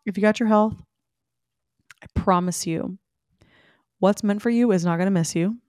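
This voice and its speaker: A woman hosts a solo podcast and gives listeners emphatic, self-affirming pep talks. Her voice sits at an ordinary middle pitch. It is recorded close and dry, with no room sound. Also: normal speed, darkish tone, dry recording. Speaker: podcast host. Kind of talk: solo podcast talk, motivational.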